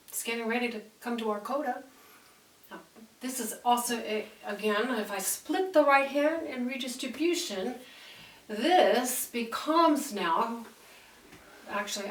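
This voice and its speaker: A woman teaching piano, explaining the music and singing out rhythms. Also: a little high. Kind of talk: piano lesson. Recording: roomy echo, distant mic, piano between phrases.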